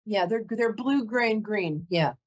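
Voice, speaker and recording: A woman's voice: medium pitch, expressive, unhurried, muffled recording. A woman psychic host doing a reading for a caller, chatty, emotional and apologetic, often close to tears.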